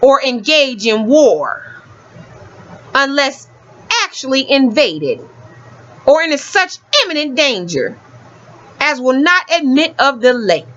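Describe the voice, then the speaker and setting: A woman's voice: high-pitched, very animated, takes it slowly, long pauses, a bit bright. A woman, teaching law texts in an emphatic, preachy, casual monologue. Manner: preachy, emphatic, street-talking. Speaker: community educator reading law texts. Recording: dull lo-fi sound.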